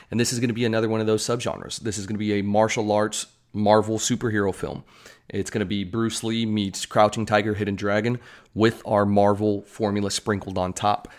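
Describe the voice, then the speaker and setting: A man talks through upcoming movies in a loose, rambling vlog style. He drifts into joking asides as he goes. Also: fairly low pitch. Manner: chatty, rambling, self-deprecating asides. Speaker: movie news vlogger. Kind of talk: casual commentary.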